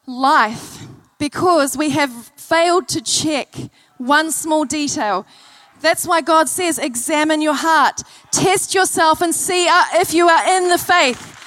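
In a church service, a woman preacher gives an earnest sermon to the congregation, telling stories and repeating key phrases. Her voice is high-pitched and a bit bright.

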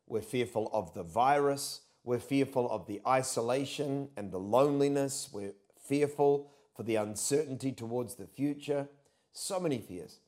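A young man preaching a sermon, telling stories loudly and with energy. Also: mid-range voice. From New Zealand. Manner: loud, animated storytelling with sudden shouts. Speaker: pastor.

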